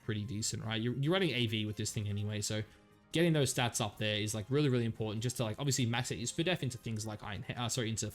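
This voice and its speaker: Fast-talking man breaking down strategy. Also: fairly low pitch. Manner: rambling, filler-heavy, often asks "right?". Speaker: competitive game video host.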